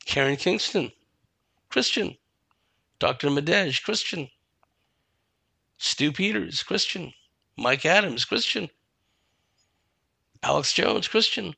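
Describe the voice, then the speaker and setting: A man's voice: a little high, animated, slow pace, gravelly, long pauses, pushed and bright, slightly rough, dry recording. A man giving a solo commentary monologue, emphatic and dismissive, asking rhetorical questions.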